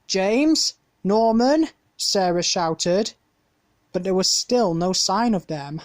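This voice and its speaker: A woman's voice: lowish voice, slow pace. A woman reading a children's picture book aloud, carefully and with small slips. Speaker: storybook reader.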